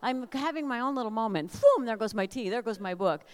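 An older woman from Minnesota giving a humorous storytelling talk at a family camp, lively and animated. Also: a little high, a little fast. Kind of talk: storytelling sermon. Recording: long hall reverb.

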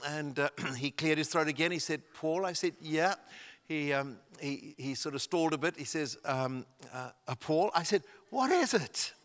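Male preacher, slightly higher voice, storytelling sermon, long hall reverb. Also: steady tone, fairly bright tone. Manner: anecdotal, halting with restarts.

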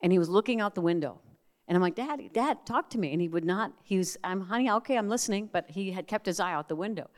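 A middle-aged woman preaching a sermon, telling family stories in a lively way and acting out the voices she quotes. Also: mid-range voice, fast. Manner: animated storyteller, acts out quoted voices.

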